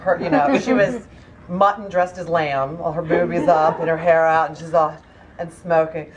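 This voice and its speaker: A woman in her thirties telling a story in an animated way, often slipping into other people's voices and laughing as she goes. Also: sits low, moderate pace, background noise. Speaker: author telling an anecdote.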